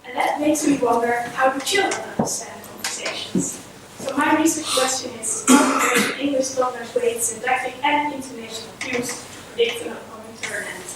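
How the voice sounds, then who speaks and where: High-voiced woman presenting in echoey hall. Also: moderate pace. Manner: explanatory, steady lecturing. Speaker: child language researcher. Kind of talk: conference presentation. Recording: echoey hall, far from mic, noisy.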